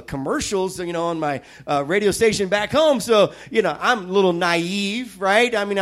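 A man with a high voice preaches to his congregation. He tells his own story with animated, self-mocking asides. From Missouri. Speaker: pastor. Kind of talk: sermon with personal testimony.

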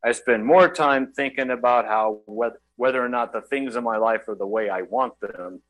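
A middle-aged man preaching a sermon in a conversational, self-deprecating way with quick asides. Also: mid-range voice, fairly bright tone, low-quality recording. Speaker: guest preacher.

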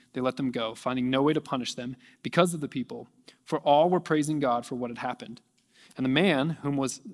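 A man preaching a sermon, reading scripture aloud and rising to near shouting at its peaks. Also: a little high, in a large hall. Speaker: pastor.

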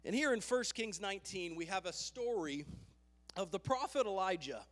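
A man preaching a sermon, fervent and emphatic, with loud rising bursts as he tells the story. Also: high-pitched, animated, moderate pace. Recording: long hall reverb.

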